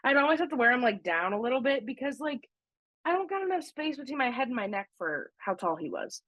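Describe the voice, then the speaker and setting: Bright, gushing woman podcast host. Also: sits high, fast talker, no echo, lo-fi sound. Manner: gushing, excitable storyteller. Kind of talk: casual podcast chat, ranking attractions.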